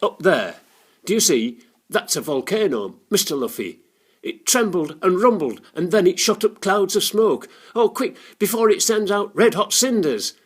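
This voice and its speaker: A man reading a children's story, voicing a frightened young girl with high panicky cries. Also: big pitch swings, moderate pace, slightly rough.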